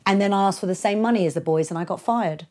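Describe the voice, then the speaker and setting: Brief: middle-aged woman, DJ guest on a podcast, blunt, animated storyteller, mid-range voice. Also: mid-range voice, fast. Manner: frank, animated, swears freely; acts out the voices in her stories. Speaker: guest DJ and producer. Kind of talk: casual storytelling interview.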